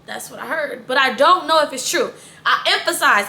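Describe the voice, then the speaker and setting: A woman's voice: high-pitched, animated, normal speed, gravelly, sharp tone. A young woman telling a storytime to her viewers in a chatty, blunt way, swearing freely. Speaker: storytime vlogger. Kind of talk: casual storytelling to camera.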